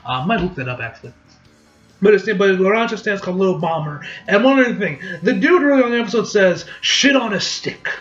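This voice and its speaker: Man, high-pitched voice, rambling profane anime recap, echoey room. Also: fast, muffled recording, soft background music. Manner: rambling, profane, acts out quotes in animated voices. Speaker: anime reviewer. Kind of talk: casual episode recap review.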